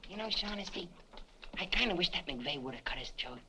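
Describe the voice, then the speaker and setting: A whiny, jittery young private, squeaking high and rattling on fast with a bright edge. His voice leaps around as he grumbles. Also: lively intonation, a little hiss or hum, exaggerated voice. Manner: whiny, rapid-fire complaining. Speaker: soldier. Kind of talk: 1950s film acting.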